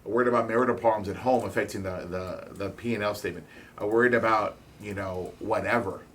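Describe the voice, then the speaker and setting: A man giving a blunt, candid motivational talk as a real estate investor, swearing freely, speaking in quick bursts with halting restarts. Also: on the low side, fairly even intonation, a bit bright, a little hiss or hum.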